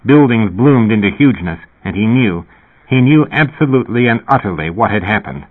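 A man narrates science fiction as an audiobook reader, keeping a steady, even storytelling pace. His voice sits on the low side and sounds brisk and slightly rough, and the audio is narrow, like a phone line.

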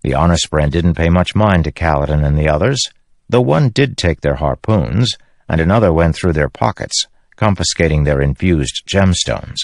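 A man narrating a fantasy audiobook in a steady storytelling manner. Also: very deep voice, normal speed, gravelly, dry recording, studio quality. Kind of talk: scripted narration.

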